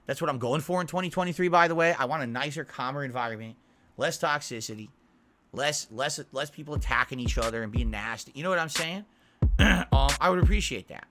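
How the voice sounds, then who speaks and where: Forceful, earnest male streamer lecturing chat. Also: mid-range voice, a little fast, slight background noise. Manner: earnest, defensive, keeps asking "all right?". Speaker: live streamer. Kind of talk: livestream rant to chat.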